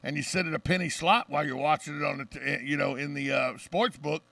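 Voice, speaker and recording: A middle-aged man from the Deep South with a Southern accent, hosting a radio talk show with brash, joking banter. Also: fairly even intonation, vocal fry, sharp tone, no room sound, distant mic. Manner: brash, joking, fast-talking storyteller.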